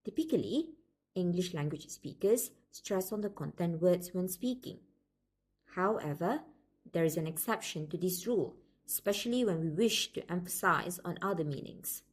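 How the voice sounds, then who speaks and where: A woman lecturer giving a scripted, measured narration of a language lesson. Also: on the low side, expressive, breathy edge. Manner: measured, explanatory.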